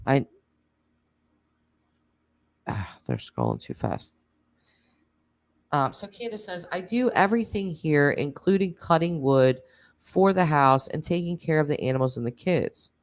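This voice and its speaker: A woman hosting a true crime channel, reading text messages aloud in a plain way, with pauses and casual asides. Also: deep voice, big pitch swings.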